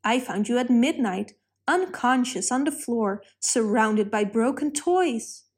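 A woman voicing a stern but caring mother who scolds her child in a measured way. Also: a little high, lively intonation, breathy edge. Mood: scolding.

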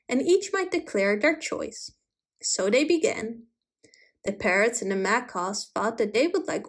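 Slow, gentle woman reading a story. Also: on the high side, breathy edge. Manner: slow, gentle storyteller giving small voices to the animals. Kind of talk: storybook read-aloud narration.

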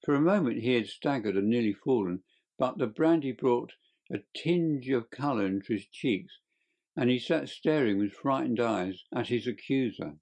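A man's voice: mid-range voice, expressive, moderate pace. Man narrating an audiobook.

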